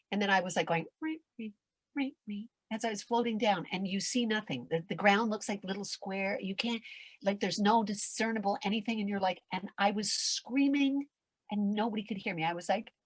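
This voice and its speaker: At a medium pitch and a brisk clip, an older woman who has performed for years tells a tale during a podcast interview. She turns dramatic, impersonating voices and shouting, and swears casually throughout. The recording is dry.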